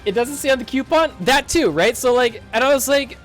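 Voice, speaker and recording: A man's voice: very high voice, fairly quick, soft background music. A man casually ranting through a story from his retail job, acting out the dialogue and swearing as he goes. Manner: animated, acts out dialogue, swears and laughs. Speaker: streamer telling a work story.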